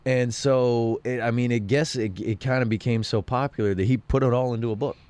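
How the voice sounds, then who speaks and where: A man's voice: mid-range voice, steady tone, fairly quick, darkish tone. A man co-hosting a radio show, telling rambling anecdotes in casual chat and acting out other people's lines. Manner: rambling anecdotes with acted-out quotes, throat clearing. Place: radio studio.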